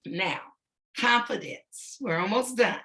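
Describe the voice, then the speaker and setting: A woman's voice: mid-range voice, lively intonation, takes it slowly, bright, forceful tone. A middle-aged woman leading a motivational talk for young girls, earnest and emphatic, repeating her key points. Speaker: facilitator of a girls' self-image talk.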